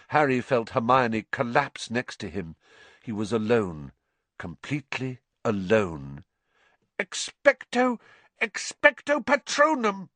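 A man narrating an audiobook in a measured, suspenseful way, dropping low for dark passages. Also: dry recording.

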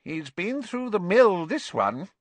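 A brisk, bossy shopkeeper witch, voiced by a man reading a storybook, rises well above his own voice. She sounds no-nonsense and matter-of-fact. Her pitch swoops widely. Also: very animated, dry recording, exaggerated voice. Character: brisk middle-aged female shopkeeper witch.

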